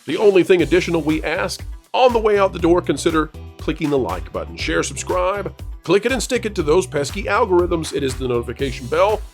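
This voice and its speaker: A male host of an online panel with a high, lively voice that swoops around as he mocks and then signs off like a showman. Faint music sits under his talk. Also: fairly quick. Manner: animated, mocking, showman sign-off. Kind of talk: casual panel chat and outro.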